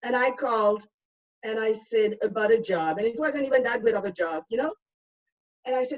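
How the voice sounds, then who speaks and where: A woman's voice: on the high side, moderate pace. Accented woman panelist, outspoken and emphatic, dull distant call audio. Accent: foreign accent. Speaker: panel speaker. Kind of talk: personal testimony in a panel discussion.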